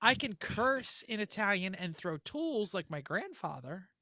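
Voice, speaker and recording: A man's voice: sits high, sing-song, measured pace, pushed and bright, no echo, clean studio sound. A man co-hosting a casual racing podcast, joking and rambling as he reads notes. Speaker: podcast co-host. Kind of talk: casual chat.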